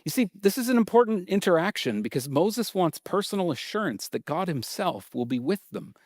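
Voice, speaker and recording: A male pastor preaching a sermon in a casual, conversational way, reading scripture aloud and then explaining it with lively reactions. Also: sits high, brisk, no echo, studio quality. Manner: animated and conversational, acting out reactions.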